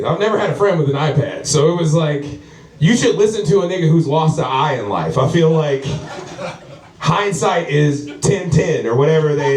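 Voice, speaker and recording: A man performing profane, animated stand-up storytelling at a house comedy show, acting out the people in his story. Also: fairly high pitch. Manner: animated, profane, acts out characters. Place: house party comedy show with live audience. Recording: echoey room, distant mic, audience laughter.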